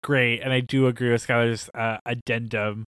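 A man's voice: mid-range voice, little pitch movement, moderate pace, a bit bright, clean tone, no echo. A man hosting a casual chat, running the segments with a dry, wry delivery. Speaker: podcast host.

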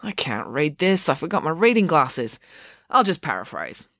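A narrator doing a brisk, sing-song cat lady. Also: mid-range voice, sing-song, a bit bright, dry recording, studio quality. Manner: sing-song chanting, matter-of-fact. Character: brisk older countrywoman cat lady, impatient.

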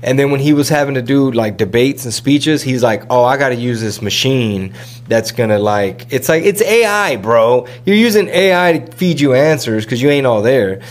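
A man's voice: medium pitch, lively intonation. Slangy rambling man chatting casually. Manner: rambling, slangy, mimics people in quick asides. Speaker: podcast host. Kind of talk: casual chat.

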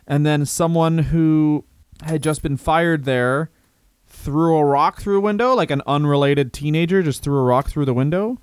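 A man's voice: medium pitch, normal speed, darkish tone, smooth, dry recording. A male comedian co-hosting a podcast, telling a rambling story with laughs and swearing. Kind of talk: casual comedic chat.

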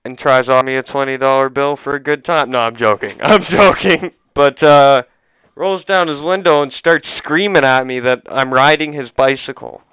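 A man's voice: medium pitch, steady tone, moderate pace, clear, resonant tone, no room sound. Laid-back man rambling a story, phone-thin. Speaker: podcast co-host. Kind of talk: casual podcast chat, storytelling. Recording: dry, phone-like narrow sound.

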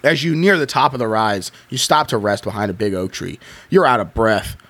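A man hosting a podcast, reading a choose-your-own-adventure book aloud in an expressive way and breaking off to chat. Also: on the low side, brisk. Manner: expressive reading with frequent laughs. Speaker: podcast host.

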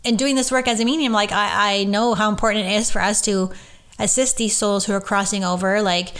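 A woman's voice: mid-range voice, fairly even intonation, brisk, fairly bright tone, clear, resonant tone. A woman who works as a medium, hosting a casual solo podcast and talking in a gushing, rambling way full of fillers.

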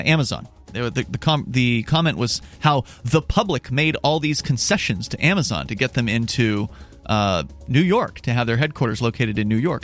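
A man's voice: mid-range voice, fairly bright tone, dry recording. A man hosting a call-in talk radio show from a studio, talking loosely with fillers and restarts. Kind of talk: casual talk radio with reads. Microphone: studio mic.

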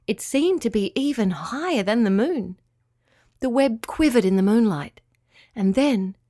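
Soft-spoken woman reading a bedtime story. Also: on the high side, no room sound, studio quality.

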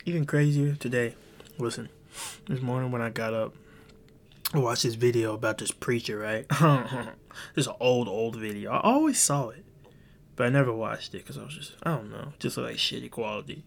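A man's voice: mid-range voice, moderate pace, creaky. A man hosting a podcast, telling a story in rambling casual chat with many restarts and some swearing. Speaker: podcast host.

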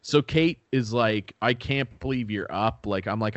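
A man's voice: fairly low pitch, a little slow, dry recording, highs cut off. Young male host, casual storyteller, cursing freely, dry close sound. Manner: laid-back, swears a lot, laughs at himself.

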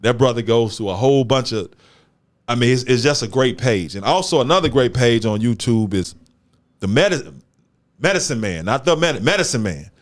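A man's voice: mid-range voice, animated, fairly quick. A man hosting a casual talk show, speaking emphatically in street slang and repeating words for stress. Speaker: show host. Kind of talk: casual chat.

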